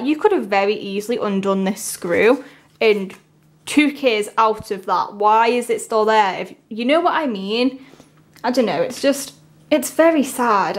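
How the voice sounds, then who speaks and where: A woman chatting her way through an unboxing video, rambling and emotional as she reacts to each item. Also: a little high. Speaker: vlogger. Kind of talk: casual unboxing commentary.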